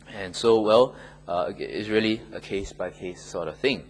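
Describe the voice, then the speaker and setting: A man's voice: on the low side, normal speed, a little hiss or hum, rough recording. A man teaching a Bible class, answering questions conversationally and often checking in with "okay?" and "right?".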